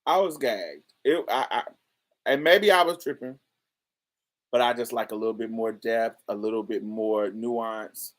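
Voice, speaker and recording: A woman's voice: extremely low pitch, unhurried. A woman podcast host giving casual review commentary, talking in slang with exasperated asides.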